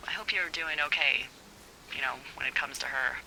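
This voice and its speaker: An actress voicing a witty, teasing woman fire lookout boss on a radio in a video game, with a breathy voice and playful banter. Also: very deep voice, normal speed, pushed and bright, a little hiss or hum, full character voice, rough recording. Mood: confiding.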